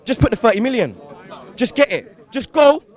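A man's voice: very high voice, expressive, moderate pace. A young man, a football fan ranting outdoors after a match, heated and full of slang and swearing. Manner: heated, swearing, slang-heavy, rhetorical questions. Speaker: fan interviewee. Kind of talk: angry post-match fan rant.

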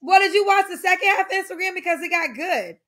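High-voiced woman hosting a call-in. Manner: warm terms of address, brisk questions. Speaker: dating show host. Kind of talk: live call-in interview.

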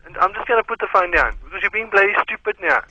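A man's voice: sits high, expressive, quick pace, bright, forceful tone. A man calling a radio station, irritated and blunt, throwing insults at the person on the line. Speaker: caller. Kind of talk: phone call. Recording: muffled phone line with hiss.

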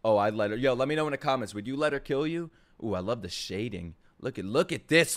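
A young man giving a profane, jokey reaction to an anime opening, swinging between low murmurs and excited shouts. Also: fast, few pauses. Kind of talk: live reaction commentary.

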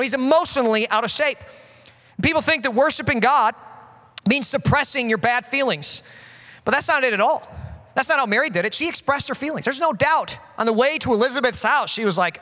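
A man in his thirties, a pastor preaching a sermon and telling stories in an animated, joking way with acted-out quotes. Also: very high voice, quick pace, long reverb tail. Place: church.

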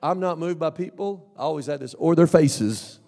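A man preaching a sermon as pastor, swinging from loud shouts to low mumbled asides. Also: moderate pace, vocal fry. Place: church sanctuary. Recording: long church hall reverb.

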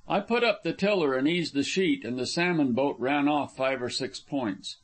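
A man narrating an adventure audiobook in an even, measured reading. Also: mid-range voice. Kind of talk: scripted narration.

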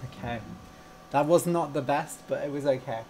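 A man's voice: fairly high pitch, fairly even intonation, a little fast, a little mellow, slight background noise. A young man who teaches English and hosts a podcast. He chats casually with learners on a live stream, gushing and playful, and laughs easily.

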